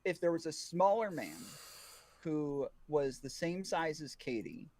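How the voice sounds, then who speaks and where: A man's voice: fairly high pitch, lively intonation, a little slow, darkish tone, no room sound. A man in a casual debate chat with a teasing, joking manner.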